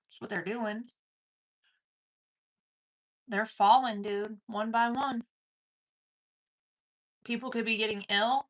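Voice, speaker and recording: A woman's voice: a little high, steady tone, takes it slowly, pauses often. A woman giving an intense collective tarot reading, swearing casually and calling the listener "dude". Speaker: tarot card reader.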